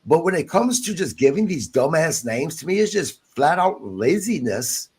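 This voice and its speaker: A male podcast host with a somewhat high voice that swings up and down a lot. He talks bluntly and swears freely in loose, casual chat. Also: big pitch swings, normal speed, a little mellow, husky.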